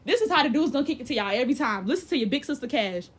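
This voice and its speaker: A young woman giving blunt, profane, big-sister advice in casual chat, animated and often mimicking other people's voices. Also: high voice, very fast, few pauses, slightly rough. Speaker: livestream host.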